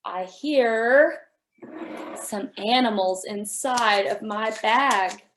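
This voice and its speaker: A woman's voice: a little high, drawn-out words, fairly bright tone, slight background noise. A young woman reading a picture book aloud to small children, wonder-filled and full of gasps, and then showing toy animals. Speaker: children's story time reader. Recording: echoey room.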